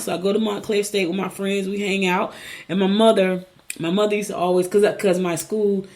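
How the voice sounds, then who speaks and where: A woman's voice: medium pitch, steady tone, fairly quick. A middle-aged woman from Newark, New Jersey, hosting a casual talk show and chatting to her viewers in a personal, storytelling way. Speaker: host.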